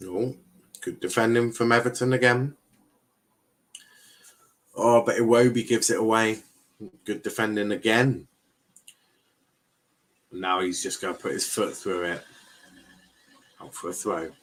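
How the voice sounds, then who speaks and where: Give me a young man from England commentating a match live for his stream, slow and easygoing, with a fairly low voice. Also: fairly even intonation, a bit bright, poor audio. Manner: chatty, mock-outraged banter with chat, many restarts. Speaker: watchalong streamer. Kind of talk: casual live football watchalong commentary.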